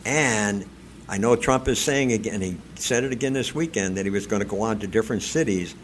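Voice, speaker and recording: A man's voice: fairly low pitch, fairly quick, a little hiss or hum. A man co-hosting a talk radio show, speaking in a plainspoken, opinionated, conversational way. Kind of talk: casual talk radio chat.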